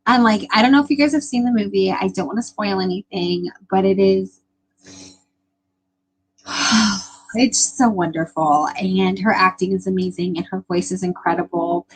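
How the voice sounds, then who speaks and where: A woman's voice: mid-range voice, steady tone, moderate pace, slightly rough, low-quality recording. A young woman hosting a casual live stream, chatting with viewers in a gushing, emotional way with lots of fillers.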